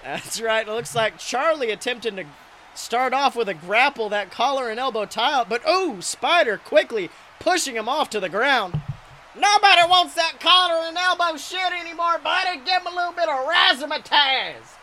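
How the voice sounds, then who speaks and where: A man voicing a crude, excitable wrestling announcer who calls the action in profane play-by-play. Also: extremely high pitch, moderate pace, a little hiss or hum, exaggerated voice. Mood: excited. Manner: profane, excitable, shouts big moves. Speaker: wrestling commentator character. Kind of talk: comedic play-by-play commentary.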